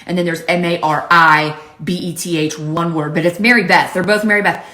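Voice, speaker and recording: A woman's voice: on the low side, steady tone, a little fast, bright, forceful tone, roomy sound. A woman from Pittsburgh with a slight Southern touch to her accent, telling a comic story to camera in a casual, exasperated way. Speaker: lifestyle vlogger.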